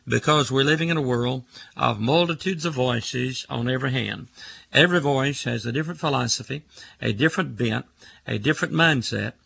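A man's voice: medium pitch, vocal fry, pushed and bright, slightly rough, dry recording. An older man hosting a call-in radio show, preaching emphatically and stacking words into rhythmic lists.

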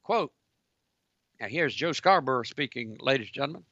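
A man's voice: medium pitch, expressive, moderate pace, sharp tone, no room sound. Guy hosting christian talk radio, fired-up preachy rant, dry muffled lo-fi sound. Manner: indignant preaching commentary. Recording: dull lo-fi broadcast audio.

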